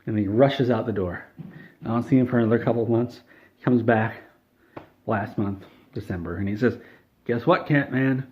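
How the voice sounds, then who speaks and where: A man telling an absurd made-up story in a deadpan, rambling way. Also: lowish voice, a little fast, pauses often. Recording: tinny phone-like sound.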